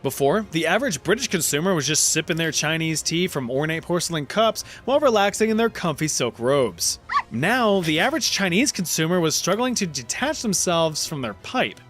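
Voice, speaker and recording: A man's voice: on the high side, very animated, moderate pace, a bit bright, faint music behind. Guy narrating history stuff, scripted, dry jokes, voice bounces around a lot. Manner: wry, jokey storytelling.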